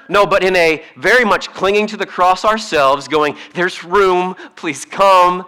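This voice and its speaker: A man preaching a sermon in a conversational, humorous way, swinging between hushed asides and emphatic points. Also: high-pitched, normal speed, few pauses, smooth. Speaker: pastor.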